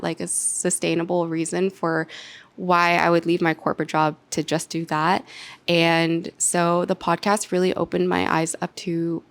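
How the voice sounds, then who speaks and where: A woman's voice: lowish voice, clean tone, no echo. A young woman in her twenties sharing a personal life update on her vlog, heartfelt and emotional, with many "like"s and "um"s. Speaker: YouTuber and podcaster.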